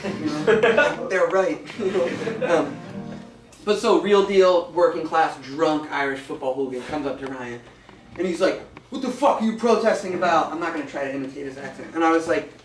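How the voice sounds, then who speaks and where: A man's voice: fairly high pitch, normal speed. Roomy, far-off American man telling stories on stage. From United States. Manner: casual, profane, animated storyteller. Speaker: folk singer-songwriter. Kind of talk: storytelling between songs at a live show. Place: small music venue. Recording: roomy, distant live recording with music.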